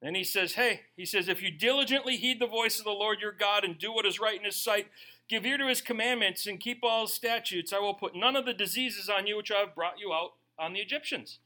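This pastor's sermon moves briskly; his high, very bright voice stays conversational while he keeps putting on playful voices for the people in his stories, all with lively, animated delivery.

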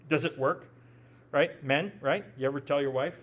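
A Midwestern-accented pastor gives a conversational sermon in a voice on the high side, speaking a little slowly and pausing often. He tends to repeat words as he thinks aloud and adds joking asides.

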